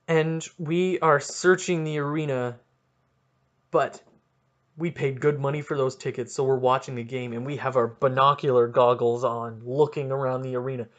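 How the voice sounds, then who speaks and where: A man's voice: mid-range voice, steady tone, moderate pace. A young Canadian man hosting a podcast, telling a story casually, mocking himself and acting out quotes dramatically. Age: young adult. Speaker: podcast host.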